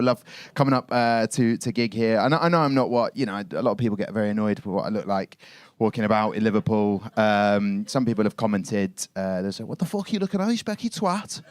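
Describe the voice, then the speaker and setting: A man doing a live stand-up set in a comedy club, rambling and self-mocking, laughing through his own lines and getting louder as his stories build. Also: medium pitch, dry recording.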